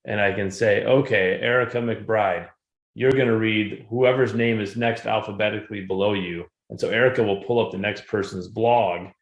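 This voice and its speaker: A man's voice: lowish voice, normal speed. A man who teaches giving a conversational conference presentation about how his classes use their textbook. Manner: conversational, animated when retelling anecdotes. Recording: roomy echo.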